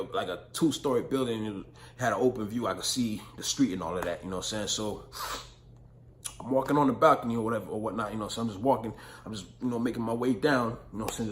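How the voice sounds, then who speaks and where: A man's voice: lowish voice, slight background noise. A young man vlogging, telling a story in casual slang, full of profanity and "you know what I'm saying".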